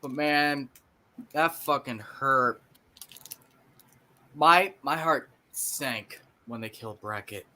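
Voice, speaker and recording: Enthusiastic slangy male reviewer, bright forceful voice. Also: mid-range voice, slow pace, long pauses. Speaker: film reviewer. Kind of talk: casual movie review chat.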